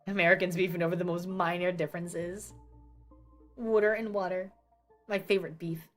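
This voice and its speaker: A woman's voice: on the low side, flat delivery, moderate pace, faint music behind. Young woman ranting casually on stream. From New Jersey. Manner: ranting, profane, self-mocking asides. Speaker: VTuber streamer.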